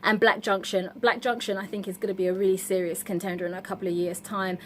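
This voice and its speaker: British woman ranting on her vlog, lots of ums and restarts, middle pitch, slight background hiss. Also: flat delivery, quick pace. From Britain. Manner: outspoken and emphatic, with frequent fillers and restarts. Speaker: vlogger. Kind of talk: casual vlog monologue. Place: at home in the evening.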